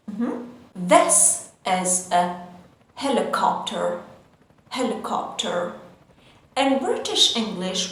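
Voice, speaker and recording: A woman teaching English vocabulary, saying each word carefully and then repeating it. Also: mid-range voice. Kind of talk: vocabulary lesson for learners. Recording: very echoey room.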